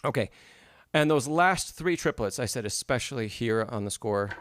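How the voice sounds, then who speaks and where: A man's voice: medium pitch, animated, normal speed, a bit bright, no echo, studio quality. Man teaching piano on a live stream. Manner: encouraging, explanatory, hums phrases aloud.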